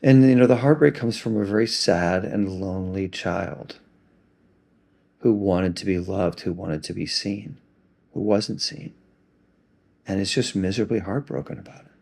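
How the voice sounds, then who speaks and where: A man gently and reflectively talking through an emotional self-help practice. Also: deep voice, normal speed, gravelly.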